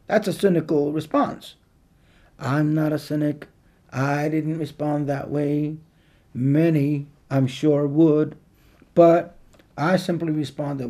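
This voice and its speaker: A man preaching a sermon, with earnest, drawn-out emphatic phrasing and a gravelly voice. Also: a little high, steady tone, mellow.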